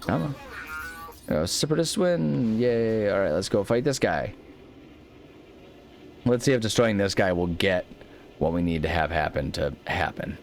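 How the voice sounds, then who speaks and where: A man's voice: on the low side, animated, unhurried, pauses often, faint music behind. A young man casually commenting on a video game as he plays, thinking aloud and rambling with lots of restarts. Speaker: let's play host.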